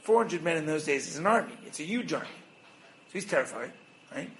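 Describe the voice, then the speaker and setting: A man giving a Torah lesson as a rabbi, animated, firing rhetorical questions and acting out little exchanges. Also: on the high side, brisk, a little hiss or hum, low-quality recording. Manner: acts out little dialogues. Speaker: rabbi and educator.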